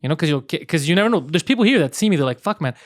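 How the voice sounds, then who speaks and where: Fast-talking profane male podcast host. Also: fairly high pitch, lively intonation, no room sound, clean studio sound. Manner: profane, heated, storytelling. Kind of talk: casual comedic rant.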